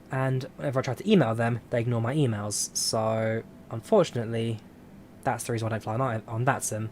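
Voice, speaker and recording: Relaxed man chatting on a stream. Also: mid-range voice, slight background noise. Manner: relaxed, rambling, answers viewer questions. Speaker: flight sim streamer. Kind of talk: casual live-stream chat.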